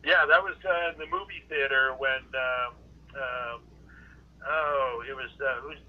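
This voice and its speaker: A man of middle pitch, chatting as a podcast guest, pausing with lots of ums and uhs. His voice comes through a narrow, tinny phone-like line. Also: steady tone. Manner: hesitant, many ums and uhs. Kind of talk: casual podcast chat. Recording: phone-like call audio.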